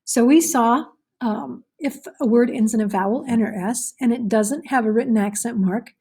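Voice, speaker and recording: A woman's voice: a little high, normal speed, mellow, husky. A woman teaching a recorded Spanish pronunciation lesson, explaining patiently with frequent fillers.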